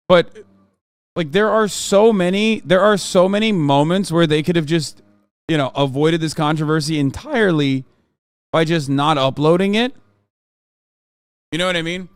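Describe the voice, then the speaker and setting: A man from the United States, streaming and reacting to a video and chat in a profane, animated rant. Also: fairly high pitch, clear, resonant tone, no echo. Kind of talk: casual live-stream reaction and chat replies.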